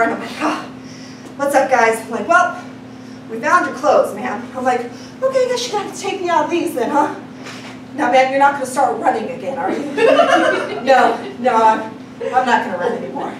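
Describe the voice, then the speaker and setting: A woman telling a personal story to a live audience, acting out the voices of the people in it and laughing often. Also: high voice. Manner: animated, acts out quoted voices, laughing often. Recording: echoey room, distant mic, noisy.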